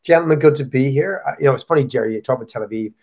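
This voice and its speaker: A middle-aged Irish man talking as a podcast guest, chatty and joking with quick asides. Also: mid-range voice, vocal fry, darkish tone. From Ireland. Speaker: guest, company founder. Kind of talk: casual podcast conversation.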